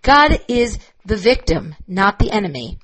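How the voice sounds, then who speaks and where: A woman's voice: mid-range voice, sing-song, unhurried, a bit bright, husky, rough recording. A woman lecturing on rabbinic texts, reading Hebrew passages aloud and translating them line by line, thoughtful and full of restarts. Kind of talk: recorded lecture.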